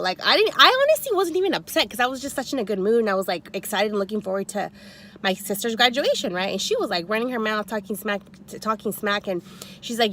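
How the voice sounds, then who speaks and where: A woman telling a story in a chatty, animated, slangy way, sitting in her car. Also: fairly high pitch, fast talker, a little hiss or hum. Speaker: vlogger. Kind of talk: story time vlog.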